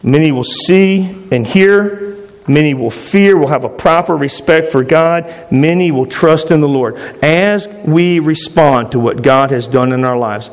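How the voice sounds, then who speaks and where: A man preaching a sermon as pastor, speaking emphatically and repeating phrases for stress. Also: mid-range voice. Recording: long hall reverb.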